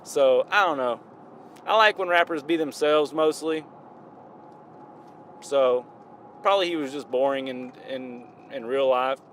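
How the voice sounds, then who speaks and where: A man's voice: mid-range voice, measured pace, pauses often, a bit bright, slight background noise. A man with a Southern US accent, rambling casually and correcting himself as he reviews hip-hop outdoors. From American South. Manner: rambling, self-correcting, drawling southern talk.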